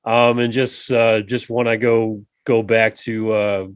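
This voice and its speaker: A man co-hosting a podcast, telling stories in a casual, animated way, with many fillers and repeated words. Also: fairly low pitch, slow, clean tone, no room sound. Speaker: podcast co-host. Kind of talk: casual chat.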